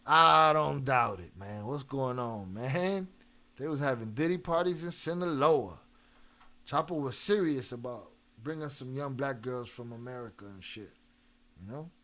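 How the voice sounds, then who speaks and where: A man's voice: medium pitch, animated, normal speed. A man hosting a casual live stream, talking loosely in slang and reading chat messages aloud. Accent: Chicago. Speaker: livestream host reacting to videos.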